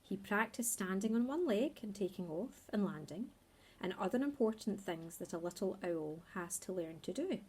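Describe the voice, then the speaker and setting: A woman reading a children's story aloud in a slow, expressive way. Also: mid-range voice, breathy edge.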